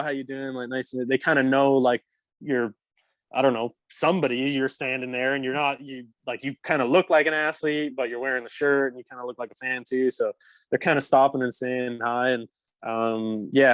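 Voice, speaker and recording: A young man from England tells a loose, rambling story as a podcast guest, leaning on fillers. His voice sits at an ordinary middle pitch. The recording is dry and close. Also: dry recording. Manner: rambling, lots of "like" fillers, laughs mid-story. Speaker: guest, former pro hockey player. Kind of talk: casual storytelling.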